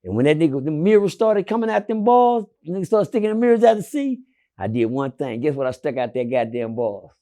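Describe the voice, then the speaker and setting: A man telling a long prison story as an interview guest, swinging from loud shouts down to low murmurs and cursing freely. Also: sing-song, fairly quick. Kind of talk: animated storytelling.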